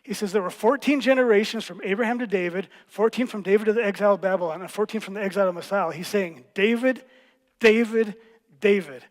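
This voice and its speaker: A man preaching a sermon as pastor, teaching in a playful, animated way with quick jokes. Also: high-pitched, long reverb tail. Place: church hall.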